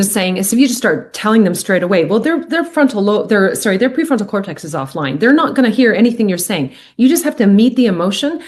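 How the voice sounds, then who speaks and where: A middle-aged woman speaking as a podcast guest, earnest and animated, often acting out what people say. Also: mid-range voice. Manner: earnest, animated, acts out quoted speech. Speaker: podcast guest, medical intuitive. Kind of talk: reflective podcast conversation.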